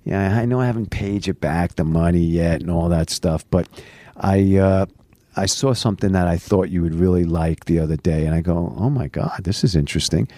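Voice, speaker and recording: A man with a fairly low voice tells a rambling story on a podcast, full of false starts and repeated words. The sound is close and dry, with no room in it. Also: moderate pace, no room sound. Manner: rambling, animated storyteller with many restarts. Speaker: podcast guest. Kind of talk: casual storytelling. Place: podcast studio, recorded late at night.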